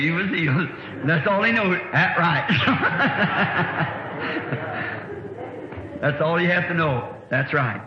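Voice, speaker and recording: A middle-aged man with a drawl delivers a rambling, folksy sermon story in a slightly high voice. The recording sounds old and dull, carrying a hall-like echo and a faint hiss behind him. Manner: folksy, rambling anecdotal preaching. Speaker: preacher.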